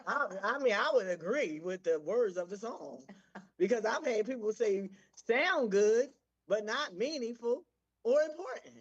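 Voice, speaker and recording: Woman co-host, animated swinging voice, laughs and curses, casual radio banter, dull lo-fi sound. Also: a little high, unhurried, slightly rough. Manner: animated, laughing, swears freely.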